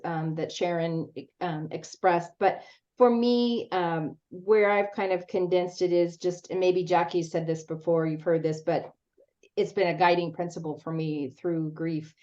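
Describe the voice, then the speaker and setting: A woman in a grief support group, speaking gently and earnestly to encourage others. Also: fairly low pitch, dull audio. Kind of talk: faith-based grief support group chat.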